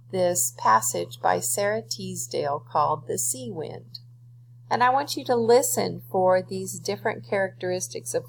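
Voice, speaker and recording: A woman's voice: mid-range voice, gravelly, slight background noise, poor audio. A woman teacher giving a reading lesson, explaining step by step to her students and then reading a poem aloud.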